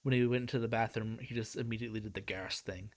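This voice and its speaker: A man's voice: lowish voice, fairly even intonation, quick pace. A stressed young man rambling and laughing in casual live-stream chat.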